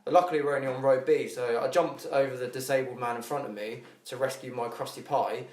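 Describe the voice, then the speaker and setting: A man's voice: medium pitch, fairly even intonation, fairly quick, darkish tone. A man co-hosting a podcast in casual chat, telling a rambling story, swearing a lot and laughing at himself. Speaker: podcast co-host. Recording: echoey room.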